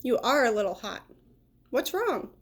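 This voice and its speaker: A woman voicing a patient, caring mother who gently lectures her young son, in a storybook read-aloud. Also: on the high side, very animated, unhurried, breathy edge, exaggerated voice. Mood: gently lecturing.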